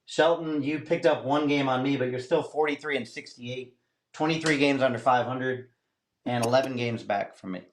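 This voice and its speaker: A man co-hosting a sports podcast in casual banter, easygoing and quick to laugh as he runs through betting picks. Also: mid-range voice, slight background noise. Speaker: podcast co-host tracking picks.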